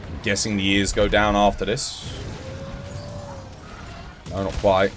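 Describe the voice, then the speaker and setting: A man's voice: on the low side, flat delivery, slow pace, faint music behind. A man live-streaming a game, chatting casually, greeting viewers by name and explaining game mechanics. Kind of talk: casual live-stream chat and gameplay tips.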